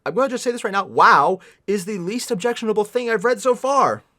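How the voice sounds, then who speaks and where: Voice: medium pitch, lively intonation, a little fast, sharp tone. A livestreamer reading a novel aloud and mocking it with sarcastic, exasperated commentary, swearing and sighing often. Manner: sighs often between passages. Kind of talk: sarcastic running commentary on a book.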